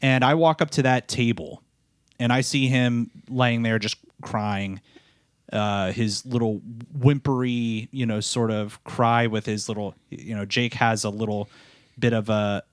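A tired man, a podcast co-host and new father, tells a personal story in a halting way, often repeating words and starting over. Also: medium pitch, fairly even intonation, no echo, studio quality.

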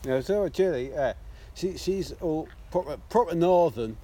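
A man's voice: a little high, animated, a little slow, mellow, slight background noise. Sweary southern English man, casual podcast banter. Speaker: podcast co-host. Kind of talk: casual chat. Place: outdoors in the evening.

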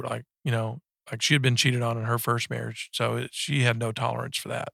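A man in his forties giving a personal faith testimony in casual conversation, halting and earnest, with many restarts and fillers. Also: medium pitch, flat delivery, gravelly, a bit bright, dry recording, clean studio sound. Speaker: guest sharing a faith story.

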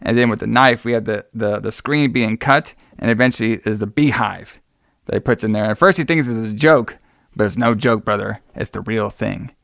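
A man's voice: fairly low pitch, normal speed, vocal fry, fairly bright tone, no room sound, studio quality. A man co-hosting a podcast who recaps a movie in a rambling, laid-back way, laughing often and swearing freely. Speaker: podcast co-host. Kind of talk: casual movie recap chat.

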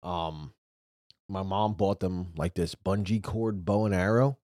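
A man's voice: sits low, unhurried, no echo, studio quality. A man in his thirties co-hosting a casual podcast, talking loosely and swearing freely. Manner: animated, swears freely, acts out quotes. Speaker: podcast co-host. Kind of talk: casual chat.

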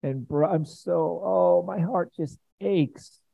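A man voicing a tender, heartbroken divine figure who speaks slowly and softly to his friends. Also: sits high, gravelly, no room sound, pitched above the performer's own voice, exaggerated voice. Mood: tender, aching. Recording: dry, tinny phone-like sound.

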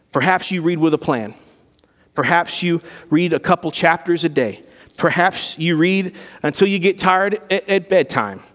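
Pastor, male, fairly high voice, earnest conversational sermon with a long hall echo. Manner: earnest, conversational preaching with rising emphasis. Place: church sanctuary.

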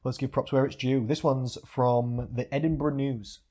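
A man who hosts a podcast and coaches clients, talking in a relaxed, chatty way and reading out articles. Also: medium pitch, moderate pace. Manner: relaxed, chatty, laughs often. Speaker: podcast host and fitness coach. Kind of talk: casual chat.

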